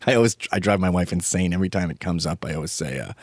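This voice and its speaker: A man's voice: sits low, fast, no room sound, studio quality. A man in his fifties ranting in a casual comedy monologue, profane and opinionated. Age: 50s.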